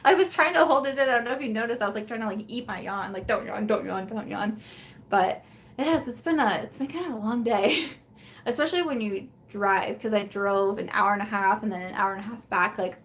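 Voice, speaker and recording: A woman's voice: medium pitch, brisk, fairly bright tone. A young adult woman chatting casually on a live stream from home, rambling and tired, with fillers and restarts. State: tired, yawning. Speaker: beauty vlogger hosting a live chat.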